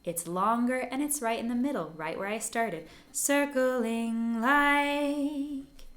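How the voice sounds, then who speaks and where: A woman's voice: a little high, animated, normal speed. A woman teaching songwriting in a patient, encouraging lesson, singing short phrases to show a melody. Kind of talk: gentle step-by-step lesson for learners.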